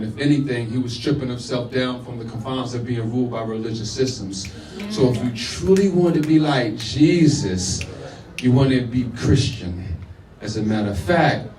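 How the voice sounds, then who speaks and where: A man's voice: mid-range voice, a little mellow. A man performing spoken word poetry live, with punchy declamatory delivery and casual asides to the crowd. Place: live venue with audience. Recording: echoey room, voice from far off.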